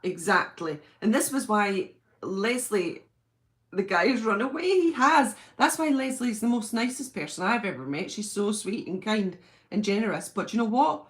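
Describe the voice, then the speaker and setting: A woman with a British accent hosting a live stream from home, chatting casually and reading out viewer comments in a gushing, excitable way. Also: mid-range voice, normal speed. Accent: British English.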